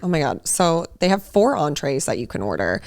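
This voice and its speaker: A woman's voice: deep voice, big pitch swings, a little fast, gravelly, no echo, studio quality. A young woman co-hosting a podcast, telling stories in a chatty, laughing way. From Los Angeles. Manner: chatty storyteller, lots of "like" and laughter. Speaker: podcast co-host. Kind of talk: casual chat.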